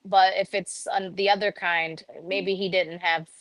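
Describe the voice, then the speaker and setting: A woman chatting casually on a live stream. She tells stories in an animated way and acts out the quotes in a raised voice. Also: fairly low pitch, measured pace, no room sound. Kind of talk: casual chat.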